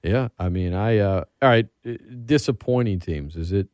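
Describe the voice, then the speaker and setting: A man's voice: low-pitched, normal speed, smooth, no room sound, studio quality. A man hosting a casual sports talk show, rambling and getting worked up as he talks. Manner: animated, rambling, gets worked up. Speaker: podcast host.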